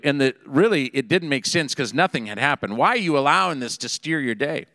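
A middle-aged man preaching a sermon, telling a personal story in an animated, conversational way. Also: medium pitch, fairly quick, few pauses, dry recording, in a large hall. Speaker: pastor. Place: Seattle area.

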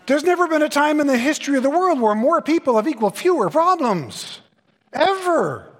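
A man's voice: very high voice, very animated, brisk, fairly bright tone. A middle-aged man preaching a conference sermon with punchy, comic asides and mock voices. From Southern California. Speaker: pastor. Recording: long hall reverb.

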